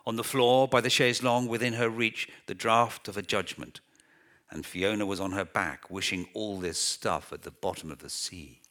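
A man narrating a literary novel as an audiobook in a measured, deliberate reading. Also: on the low side, fairly even intonation, a bit bright.

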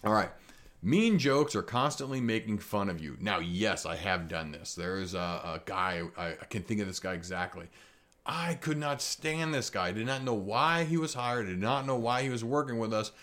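A man's voice: fairly low pitch, normal speed, fairly bright tone. A man, a tattoo artist, talking through his own faults in a candid, rambling monologue, self-critical and swearing casually.

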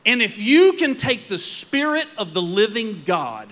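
A man preaching a sermon, telling stories dramatically and dropping to quiet emphasis. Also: high voice, sing-song, measured pace.

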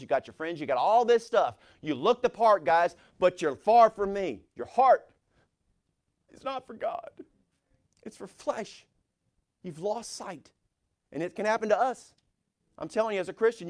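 A middle-aged man preaching a sermon as a pastor, reading scripture aloud with rising force and an animated delivery. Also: high voice.

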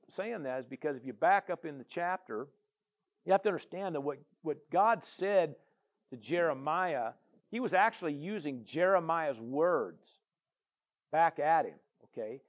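A man preaching a sermon as a pastor, with a conversational style full of "you know" and "amen". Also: a little high.

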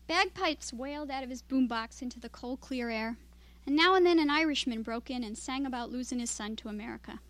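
A woman with a high, light voice reads her own first-person story aloud at a writers' evening. Her delivery is steady and measured, carrying the narration evenly. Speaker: writer reading her work. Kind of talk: reading fiction aloud. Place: literary reading event.

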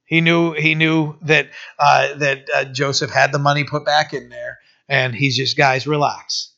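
A male pastor giving a conversational sermon, with many fillers and restarts, who slows down to read scripture aloud. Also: fairly high pitch, level tone, gravelly, bright, forceful tone, highs cut off. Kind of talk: sermon, informal Bible teaching.

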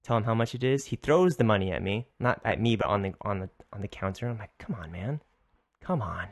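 Man telling a rambling, animated story. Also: lowish voice, quick pace. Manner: rambling and animated, with frequent swearing and restarts. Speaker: podcast host. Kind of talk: casual storytelling monologue.

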